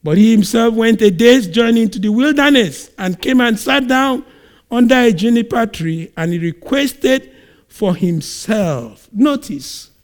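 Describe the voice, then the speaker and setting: A man from Nigeria preaches a sermon, telling scripture as a lively story with sudden swells in volume. His voice sits high for a man. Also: measured pace. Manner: animated storytelling, acts out scenes.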